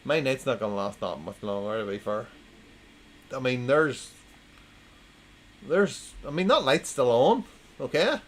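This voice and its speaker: A man's voice: mid-range voice, animated, a little slow, pauses often. Tipsy man reading dad jokes. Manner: laughs at his own jokes, repeats punchlines. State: drunk.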